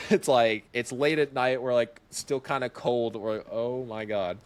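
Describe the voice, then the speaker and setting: Speaking a little slowly in a mid-range voice with a clean tone and hardly any pauses, a young podcast guest tells a story. He's casual and animated, laughs often, and acts out the things people said.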